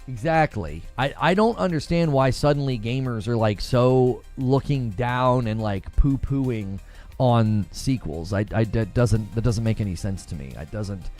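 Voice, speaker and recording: A man at a middling pitch rambles through casual live-stream commentary, restarting sentences and leaning on fillers. He reads viewer comments aloud and answers them as he goes. Faint music plays in the background. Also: a little slow, darkish tone. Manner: rambling, repeats words, many fillers. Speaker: gaming streamer.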